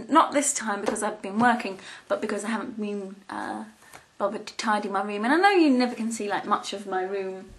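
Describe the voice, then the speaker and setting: A woman's voice: medium pitch, fairly bright tone. A young woman vlogging, chatting casually in a rambling, giggly way with many ums and restarts. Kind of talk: casual chat to camera.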